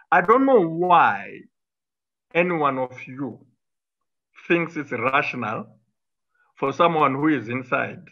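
A man's voice: fairly high pitch, gravelly, muffled recording. A middle-aged man, a former minister arguing combatively in an interview, with frequent fillers and restarts. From Zimbabwe. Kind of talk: political interview talk.

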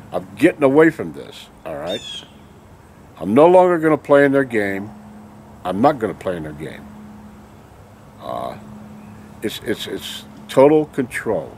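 A man's voice: mid-range voice, slight background noise. An angry man delivering a ranting monologue to his viewers, full of emphatic rhetorical questions and tag "okay?"s. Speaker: video blogger.

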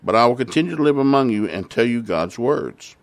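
A man's voice: mid-range voice, lively intonation, brisk, no echo, close to an everyday voice. A man playing a solemn aging prophet.

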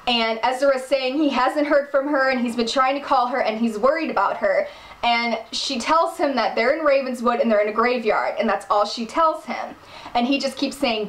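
High-voiced exasperated woman recapping TV. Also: normal speed, echoey room. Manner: animated, exasperated, emphatic. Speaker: TV recap vlogger. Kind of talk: casual episode recap.

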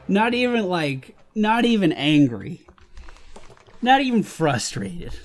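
A man's voice: high voice, sing-song, unhurried, soft background music. A man giving casual gameplay commentary on a let's play, swearing and exasperated, talking back at the game.

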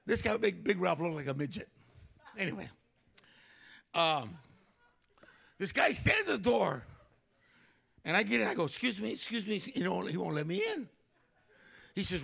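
An older male pastor telling a story during a sermon, animated, acting out other people's voices. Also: sits high, normal speed, gravelly, pauses often. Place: church.

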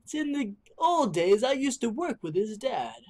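A gamer voicing a gentle, folksy middle-aged father in a video game, reading slowly in a lower voice. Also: sing-song. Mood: fond, folksy. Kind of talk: reading game dialogue aloud.

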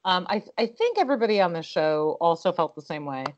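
Animated woman co-hosting a podcast. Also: on the low side, fast. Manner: animated, opinionated, with profanity and restarts. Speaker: podcast co-host. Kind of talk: casual podcast chat. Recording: slightly dull, muffled audio.

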